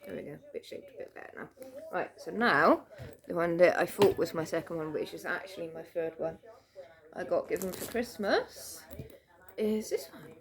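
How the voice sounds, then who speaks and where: A woman's voice: lowish voice, huge pitch swings, normal speed. Chatty British woman showing off bags. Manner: chatty, rambling, lots of fillers and small laughs. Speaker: vlogger. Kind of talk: casual show-and-tell chat. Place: home room.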